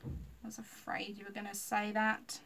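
A woman's voice: medium pitch, completely flat delivery, normal speed, vocal fry, a bit bright, a little hiss or hum. Thoughtful young boy, earnest, sighing, storybook voice, a woman reading him. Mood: worried.

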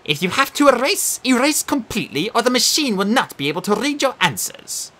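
A prim, snappish sphinx monster barking out quiz questions in a high, drawn-out voice, as a woman reads her. The pitch leaps wildly from line to line. It is a storybook audiobook voice. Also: very animated, a bit bright. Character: fussy female sphinx monster quizmaster.

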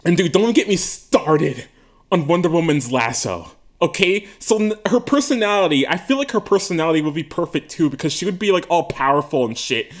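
High, lively-voiced excitable man. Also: a little fast. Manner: excitable, giggly, rambling with frequent laughs and yelps. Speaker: video creator. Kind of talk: casual comedic monologue. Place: attic room.

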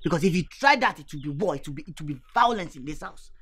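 A woman's voice: low-pitched, animated, fast, slightly rough. A Nigerian actress playing a brash young man, the only son, stammering and repeating words as he complains. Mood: pleading. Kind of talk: film acting.

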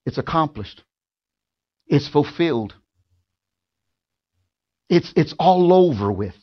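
Preaching man, swings soft to shouted. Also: fairly high pitch, animated, slow pace, slightly rough, dull audio. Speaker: pastor. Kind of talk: sermon. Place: church sanctuary.

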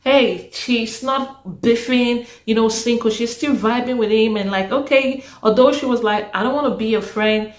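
A woman's voice: on the high side, normal speed, few pauses. Chatty woman reviewer in a roomy space. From Africa. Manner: chatty and expressive, exclaims and laughs often. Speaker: reality show reviewer. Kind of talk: casual recap vlog. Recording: roomy echo.

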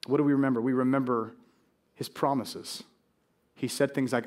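A middle-aged male pastor preaching a sermon, lively and animated, acting out quoted worries with frequent stammering restarts. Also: medium pitch, moderate pace, pauses often.

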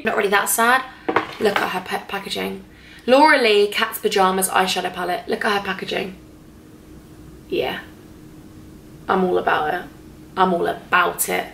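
A woman in her twenties chatting excitedly as a beauty vlogger in a hotel room, gushing over what she is unboxing. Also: medium pitch, moderate pace, creaky, reverberant, slight background noise. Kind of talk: casual vlog chat.

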